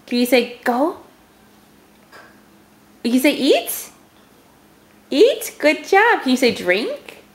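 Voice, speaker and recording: A woman's voice: sits high, big pitch swings, takes it slowly, pauses often, fairly bright tone. A mother at home patiently coaxing her toddlers to sign, repeating simple words and praising each try.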